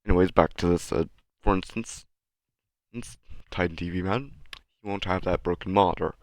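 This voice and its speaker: A young man with a low voice rambles through a casual, self-mocking video commentary, a little sick with the odd cough. The sound is dry and close, with no room echo. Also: a little fast, darkish tone. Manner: self-deprecating, rambling, sarcastic. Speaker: channel host. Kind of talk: casual rambling commentary over his animation.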